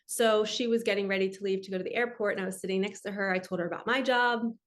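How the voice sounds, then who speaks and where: Woman host, earnest and chatty, middle pitch, personal storytelling to listeners. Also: fairly even intonation, quick pace. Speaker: spiritual podcast host.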